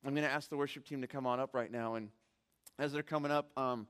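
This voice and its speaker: In a church sanctuary, a male pastor with a clean, mid-range voice preaches quickly, telling animated stories and putting earnest, direct questions to the congregation. At emotional peaks he rises almost to a shout.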